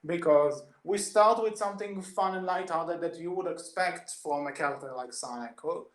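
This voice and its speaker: Higher-voiced man in an echoey room. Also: moderate pace. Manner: eager, retells scenes at length. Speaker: podcast co-host. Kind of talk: casual film discussion.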